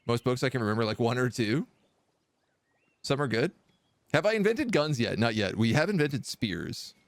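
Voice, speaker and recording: A man streaming a kingdom sim, talking casually and wryly as he plays. His voice jumps around a lot in pitch, and it sits close and dry on the mic. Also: big pitch swings, moderate pace, no echo. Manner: chatty, wry, thinking aloud. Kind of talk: casual live gameplay commentary. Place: living in Quebec.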